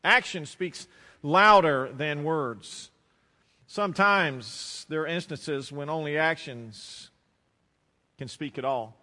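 A bright-voiced Southern American pastor preaches in a church sanctuary, his slightly high voice ringing with a long reverb. He tells stories and slows down or drops to a hush to stress a point. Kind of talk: sermon. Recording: long reverb of a large hall.

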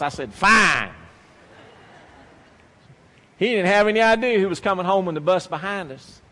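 High-voiced preacher in a reverberant hall. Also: male voice, a little slow, long pauses, pushed and bright. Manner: emphatic, storytelling with acted quotes, repeats phrases. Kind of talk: sermon with personal story.

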